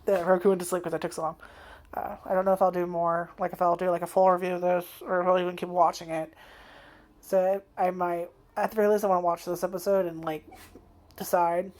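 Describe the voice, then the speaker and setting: A woman's voice: lowish voice, a little mellow, a little hiss or hum. A woman talking casually at home in a personal vlog. She rambles, swears a lot and lets her sentences trail off. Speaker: anime vlogger. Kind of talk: casual chat. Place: home, indoors.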